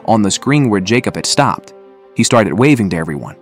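A man narrating an audiobook in a steady, measured way. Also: fairly low pitch, soft background music.

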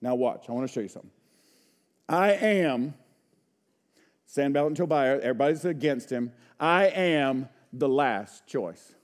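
A man preaching a sermon as pastor, calling out to the congregation and using folksy phrases and rhetorical questions, swinging from hushed asides to loud emphatic shouts. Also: medium pitch, lively intonation, normal speed. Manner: preaching with call-and-response to the congregation.

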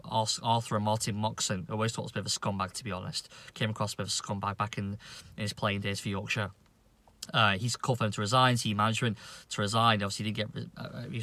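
A man's voice: on the low side, pushed and bright, dry recording. A man ranting indignantly to camera as a cricket vlogger, swearing often and stumbling over restarts. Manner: indignant, profane, halting with many restarts. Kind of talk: opinion rant to camera.

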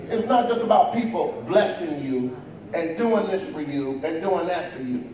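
A man preaching a sermon as pastor, in call-and-response style that swings between loud and soft. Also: a little high, animated, normal speed, crowd noise. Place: church sanctuary. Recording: echoey church from far off with congregation.

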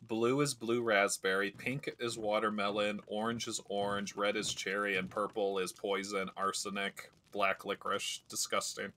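A man's voice: lowish voice, little pitch movement, moderate pace, hardly any pauses, bright, forceful tone, slight background noise. A man streaming a video game, chatting casually and rambling through stories as he plays. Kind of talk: casual gameplay commentary.

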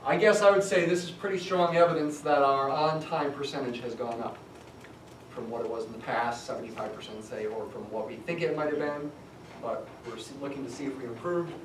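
A man's voice: medium pitch, brisk. Man lecturing in an echoey classroom. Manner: conversational, thinks aloud with restarts, tells asides. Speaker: statistics lecturer. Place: lecture hall. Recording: echoey classroom, distant mic, faint hum.

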